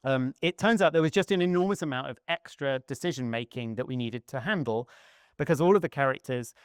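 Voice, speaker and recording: A man giving a conference talk on stage, lively and humorous, acting out little scenes as he explains. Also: mid-range voice, a little fast, smooth, dry recording, clean studio sound. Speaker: conference speaker.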